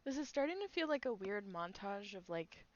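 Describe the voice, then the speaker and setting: A woman's voice: mid-range voice, sing-song, normal speed, dull audio. A woman narrating as game master for a tabletop game, chatty and giggly with lots of filler words.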